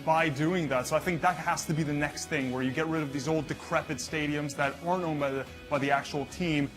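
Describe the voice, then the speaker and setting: A confident male pundit talking quickly through his football analysis on a studio panel. His voice sits a little high. Music plays under the talk. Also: steady tone.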